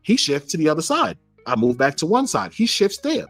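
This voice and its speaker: A man's voice: fairly high pitch, sing-song, brisk, fairly bright tone, no room sound, soft background music. A man in a played interview clip, telling a story in brash slang and acting out his own quotes. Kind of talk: casual storytelling.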